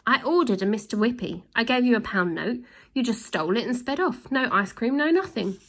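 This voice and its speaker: A woman voicing a young boy in a storybook reading, high and huffy, insisting on being remembered. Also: animated, brisk, a bit bright. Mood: indignant. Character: indignant young boy, easily miffed.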